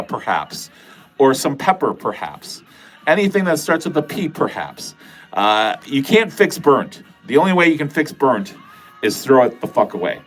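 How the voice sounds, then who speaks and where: A man hosting a livestream chats casually with viewers, rambling and occasionally swearing. He is from Wisconsin, with a nasal voice and a Wisconsin accent, and his medium-pitched voice sounds slightly rough.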